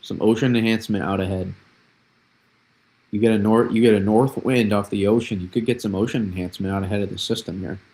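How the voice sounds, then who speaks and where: A young man from New England talks through a storm forecast on a livestream in a low, gravelly voice. He rambles, doubles back on his words and reads viewers' questions aloud before he answers them. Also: fairly even intonation, fast, a little mellow. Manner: rambling, reads chat aloud, repeats himself. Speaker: weather livestream host. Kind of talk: casual livestream weather analysis.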